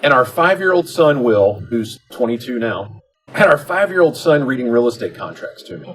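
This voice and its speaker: A man's voice: medium pitch, normal speed, low-quality recording. A middle-aged man giving a motivational convention speech, telling stories with humor and acting out the dialogue. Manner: animated storytelling, acts out dialogue with humor. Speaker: convention speaker. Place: convention hall.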